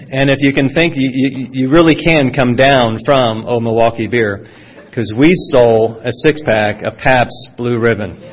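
A man's voice: medium pitch, measured pace. Folksy Southern man telling his story. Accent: Southern American. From Florida. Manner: folksy storytelling with self-deprecating humor, frequent restarts. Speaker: speaker sharing a recovery testimony. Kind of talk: personal testimony talk. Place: speaking to a live audience. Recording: dull lo-fi sound.

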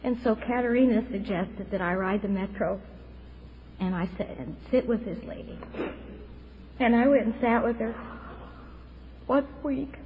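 A woman's voice: fairly high pitch, measured pace, pauses often. A woman in her fifties gives a personal testimony about recovery, speaking in an earnest, reflective way and sometimes close to tears. The recording is dull and lo-fi, with a faint hiss underneath. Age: 50s. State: tearful at times.

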